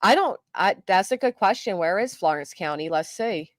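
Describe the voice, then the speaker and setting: An older woman talks through a true crime case in a loose, chatty way, stumbling over fillers as she reacts to comments and clips. Her voice is recorded dry and close, with no room sound around it. Her pitch sits in a middle range. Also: animated, moderate pace, no echo. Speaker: true crime livestream host. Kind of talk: casual commentary, reading viewer comments.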